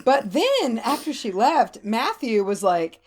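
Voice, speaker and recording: Podcast co-host, woman, high voice, animated storyteller, swears casually. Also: takes it slowly. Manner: animated, swears freely, laughs often.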